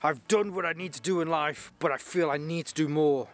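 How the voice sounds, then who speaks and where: A man's voice: fairly high pitch, brisk, close to an everyday voice. A man voicing a proud ancient Finnish warrior with a mock Finnish accent, making solemn, boastful declarations.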